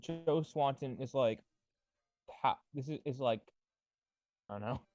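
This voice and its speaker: A man chatting on a voice call from his phone, excitable, swearing and trailing off into fillers. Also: medium pitch, unhurried, no echo, dull audio. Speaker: friend on the stream call. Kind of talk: casual chat on a voice call.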